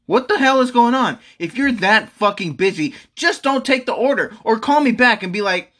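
A man's voice: extremely high pitch, expressive, moderate pace, few pauses, pushed and bright. A young man at home venting angrily in a rambling monologue, repeating himself and swearing. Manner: exasperated, repetitive, swearing. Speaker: vlogger.

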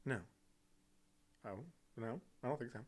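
A young man co-hosting a podcast in casual chat, animated and giggly as he tells stories. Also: medium pitch, measured pace. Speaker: podcast co-host.

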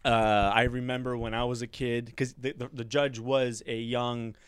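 A man's voice: medium pitch, little pitch movement, unhurried, clear, resonant tone. A man co-hosting a podcast in casual chat, rambling with frequent laughs, restarts and fillers. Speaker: podcast co-host.

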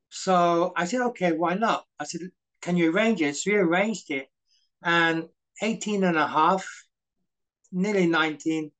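A man's voice: on the high side, fairly bright tone, low-quality recording. A middle-aged man, a guest in a casual interview, telling anecdotes full of quoted dialogue and fillers. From Britain. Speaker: guest, former stuntman.

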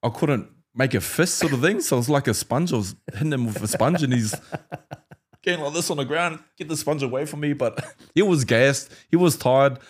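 A man's voice: mid-range voice, moderate pace, breathy edge. A former fighter from New Zealand, a man telling fight stories in a casual interview, acting out banter with laughter. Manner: animated storyteller, acts out fight banter and laughs. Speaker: former UFC fighter, guest.

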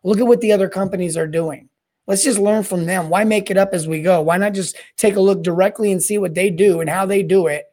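A man hosting a solo podcast on plumbing service and sales, talking in a rambling, energetic way that often repeats and restarts words. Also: sits high, brisk. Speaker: podcast host.

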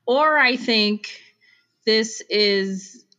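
A woman's voice: on the high side, extremely slow, sharp tone, clear, resonant tone. A middle-aged woman with a Chicago accent, chatting casually about home design with frequent restarts. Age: Generation X. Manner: chatty, self-interrupting, laughs easily. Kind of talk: casual chat. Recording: dull lo-fi recording.

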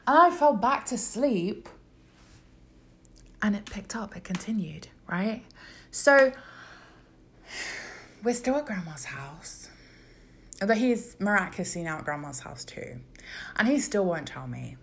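Animated young woman with a lively, swooping voice. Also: measured pace, pauses often, husky. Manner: animated and swearing freely; acts out quoted voices with big pitch jumps. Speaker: vlogger. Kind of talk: casual storytelling to camera.

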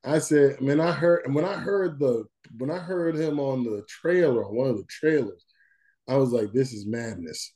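A man co-hosting a podcast in casual chat, animated and slangy, laughing often. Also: medium pitch, moderate pace. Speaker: podcast co-host.

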